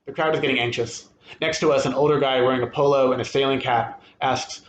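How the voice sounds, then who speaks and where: A man reading a first-person short story aloud at a literary event, steady and expressive. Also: medium pitch, brisk, slight background noise. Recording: echoey room with faint ambience.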